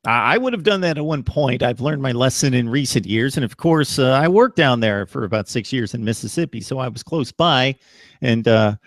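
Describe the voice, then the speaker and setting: A man hosting a college football talk show, speaking casually with many pauses and fillers. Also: medium pitch, lively intonation, no room sound, studio quality. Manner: hesitant, full of pauses and fillers. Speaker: host.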